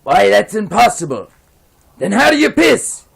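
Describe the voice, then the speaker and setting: A man doing a gruff bartender. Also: fairly high pitch, big pitch swings, unhurried, pitched above the performer's own voice, exaggerated voice. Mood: threatening. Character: gruff male Irish bartender, threatening.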